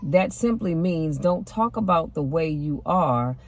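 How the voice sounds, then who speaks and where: A woman's voice: low-pitched, animated, a little slow. A woman host giving an encouraging faith talk, speaking in an exhorting, preachy way. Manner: preachy, exhorting, calls out "come on now". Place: parked car.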